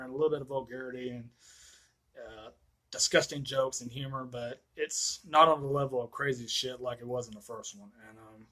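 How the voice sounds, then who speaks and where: A man giving a casual, profanity-filled movie review rant, excitable and quick to laugh. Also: medium pitch, rough recording. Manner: excitable, swears constantly, laughs often.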